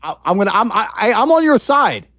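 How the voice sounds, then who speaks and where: Deadpan teasing man, quick and dry. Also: high-pitched, no room sound. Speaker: guest. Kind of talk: casual stream chat.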